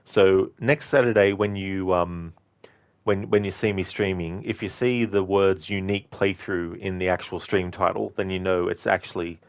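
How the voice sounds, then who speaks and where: Male streamer, very low voice, rambling friendly chat with viewers. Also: fairly even intonation, moderate pace. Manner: chatty, thanks viewers by name, rambling asides. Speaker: game streamer. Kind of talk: casual livestream chat.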